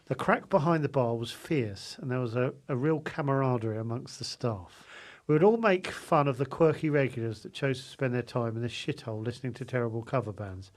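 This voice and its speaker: A man co-hosting a comedy podcast, teasing his co-hosts, swearing and reading out listener letters. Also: mid-range voice. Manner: teasing, swearing, quick to laugh. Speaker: podcast co-host.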